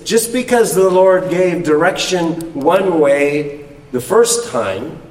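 A man giving a thoughtful, measured comment during a Bible study. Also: fairly high pitch, a little mellow. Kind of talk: reflective teaching comment. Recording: distant mic in echoey hall.

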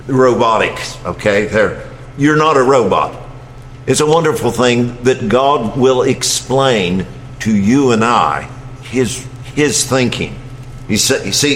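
A man's voice: mid-range voice, a bit bright, slight background noise. Male Bible study speaker, earnest and conversational, roomy reverb. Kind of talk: conversational teaching comment. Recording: echoey hall with faint ambience.

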